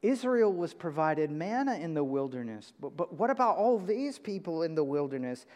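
A man preaching a sermon from a church pulpit, emphatic, jumping from loud high bursts to quiet low lines. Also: big pitch swings, moderate pace, dull audio. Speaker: pastor. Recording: reverberant church hall.

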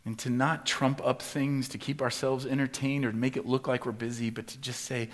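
A man preaching a sermon as pastor, acting out the voices of the people he quotes and swinging from loud to hushed. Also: mid-range voice, flat delivery, a little fast, hardly any pauses.

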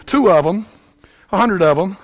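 A man from Tennessee, preaching a sermon in a folksy, animated storytelling way that swings up to shouting. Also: high voice, normal speed.

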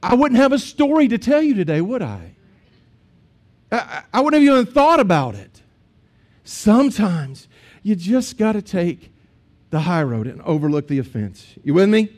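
Storytelling pastor. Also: male voice, high voice, big pitch swings, normal speed, darkish tone. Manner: conversational storytelling, rhetorical asides. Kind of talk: sermon.

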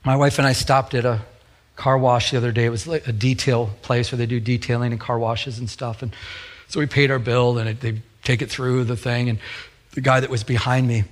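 A man's voice: mid-range voice, level tone, brisk. A middle-aged man, a pastor, preaching a sermon with a fervent, repetitive cadence.

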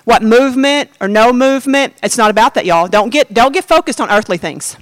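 Woman preacher, high voice, chatty testimony to the church, dry close sound. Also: lively intonation, a little fast, no echo. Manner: conversational, talks straight to the congregation. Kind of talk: sermon testimony.

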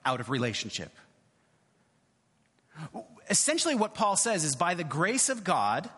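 Higher-voiced man preaching in a reverberant church. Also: bright, forceful tone, breathy edge. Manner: conversational, repeats "right?" often. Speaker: pastor. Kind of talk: sermon.

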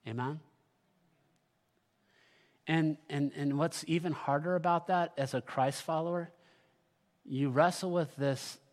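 A man preaching a sermon as pastor, moving between loud proclamation and quiet, personal talk with the congregation. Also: medium pitch, moderate pace, big-room sound. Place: church sanctuary.

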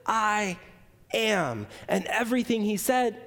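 Male pastor, high voice, sermon delivery with big swings from loud to hushed, rhythmic repetition. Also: expressive. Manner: dramatic swings between loud emphasis and hushed, slow lines.

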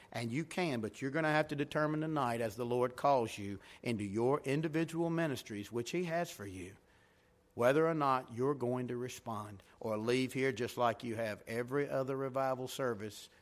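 A man with a mid-range voice preaches as pastor at a revival in a church sanctuary. He's emphatic, building up and easing off in intensity.

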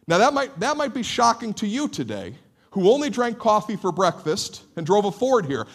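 Animated preaching man, lively pitch. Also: moderate pace. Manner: animated preaching, rising emphasis, repeats words. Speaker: pastor. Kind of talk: sermon.

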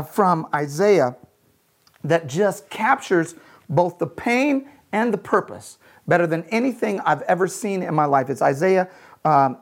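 A man preaching a sermon as a pastor, earnest, often slowing down and dropping to a soft, quiet voice on key lines. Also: fairly high pitch.

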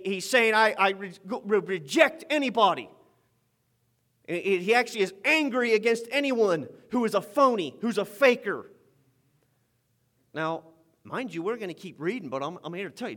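High-pitched fervent male preacher. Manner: fervent, swings from loud emphasis to quiet asides, repeats phrases. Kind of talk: sermon.

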